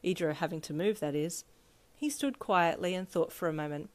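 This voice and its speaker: Brief: woman storyteller, gentle and expressive, slightly low voice. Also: a little fast. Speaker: fan fiction reader. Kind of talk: storybook narration.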